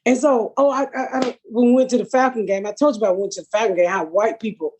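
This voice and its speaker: Husky woman telling blunt stories. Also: fairly high pitch, steady tone, rapid-fire, a little mellow. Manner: profane, blunt storytelling. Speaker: podcast host. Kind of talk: casual chat.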